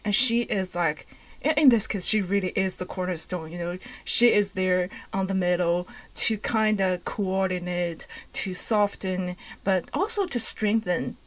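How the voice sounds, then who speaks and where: A woman's voice: lowish voice, unhurried, no room sound. Gushing woman reacting to music. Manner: gushing, effusive, lots of fillers and restarts. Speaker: reaction channel host. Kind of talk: excited music reaction commentary. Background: faint music from the reacted video.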